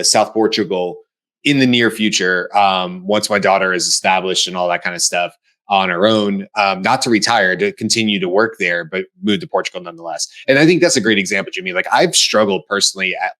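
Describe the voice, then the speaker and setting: A middle-aged American man co-hosting a casual panel discussion, animated and acting out quoted voices. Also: low-pitched. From United States. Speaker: co-host.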